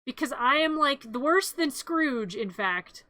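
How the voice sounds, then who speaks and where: A woman's voice: high voice, animated, measured pace, bright, forceful tone, no echo, heavily acted. A streamer voicing a spiteful, cruel old rich woman who snarls exaggerated threats.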